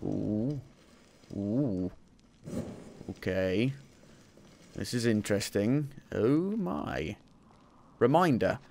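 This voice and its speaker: A man's voice: on the low side, animated, extremely slow, creaky, pauses often, a little mellow, a little hiss or hum. A man giving casual, jokey commentary while streaming his playthrough, talking to himself as he plays. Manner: chatty, jokey, talks to himself while playing.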